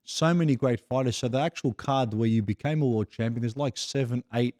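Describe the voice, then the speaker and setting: A man's voice: medium pitch, fairly quick, a little mellow, no room sound. A man hosting a podcast interview in a gym, upbeat and chatty, a little out of breath after sparring. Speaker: podcast host. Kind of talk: casual interview.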